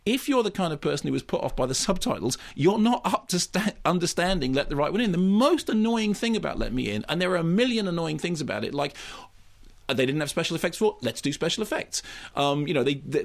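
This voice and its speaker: A man's voice: a little high, animated, fast talker, gravelly. A man giving an impassioned, emphatic radio film review, often restarting his sentences. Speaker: film critic.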